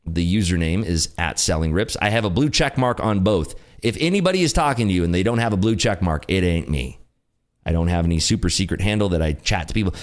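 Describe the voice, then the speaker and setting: A man's voice: deep voice, expressive, fast talker. A man hosting a live day-trading stream, chatting in an upbeat, jokey way. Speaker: day-trading livestream host. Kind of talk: casual live commentary.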